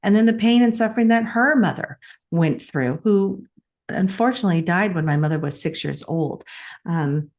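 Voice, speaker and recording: With a lowish, darkish voice, lively intonation and a normal pace, this middle-aged woman shares a heartfelt personal story. She is co-hosting a talk show, chatting casually as a podcast co-host.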